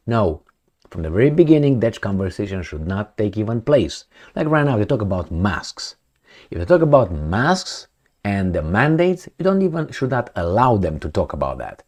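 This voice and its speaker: A man giving sarcastic political commentary with non-native phrasing, animated and fond of mouthing sound effects. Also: on the low side, normal speed.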